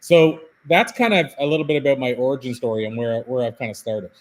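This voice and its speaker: A man's voice: medium pitch, fast talker. A man from Canada speaks as a guest author on a podcast. He talks in a casual, rambling way and pokes fun at himself as he tells his story. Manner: casual, self-deprecating, rambling. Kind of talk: podcast interview. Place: office by a waterfront.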